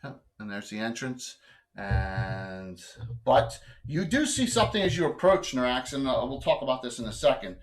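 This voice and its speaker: A man's voice: medium pitch, animated, moderate pace. A man running a live tabletop game as game master, talking in a rambling way with many fillers and restarts.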